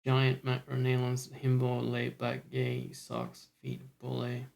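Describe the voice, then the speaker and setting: A man's voice: mid-range voice, monotone, takes it slowly, vocal fry, darkish tone. A Scottish man chatting casually on a stream, rambling, swearing often and talking to himself.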